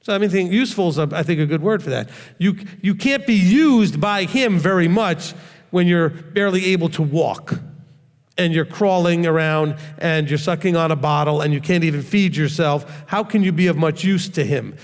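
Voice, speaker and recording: A man's voice: on the high side, moderate pace, big-room sound. A man, a rabbi, teaching a sermon in a conversational way, often checking in with his listeners and adding light joking asides.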